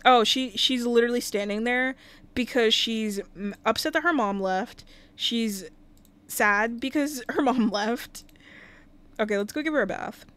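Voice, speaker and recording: A woman with a slightly high, somewhat bright voice livestreams a life-sim game. She comments casually and chattily, talking to the game's characters and thanking viewers in chat.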